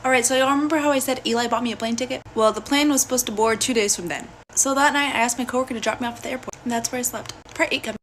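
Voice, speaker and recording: A young woman telling a personal story in a casual, blunt and profane way, animated throughout. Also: fairly high pitch, rapid-fire, few pauses, slight background noise.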